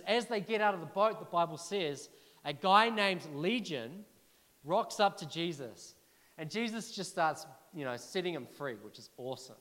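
High-voiced man preaching in a hall. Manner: energetic, exhorts the congregation. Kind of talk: sermon. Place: church hall. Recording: long reverb of a large hall.

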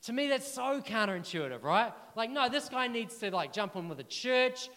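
High-voiced man preaching in a hall. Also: moderate pace. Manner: energetic, exhorts the congregation. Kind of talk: sermon. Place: church hall. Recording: long reverb of a large hall.

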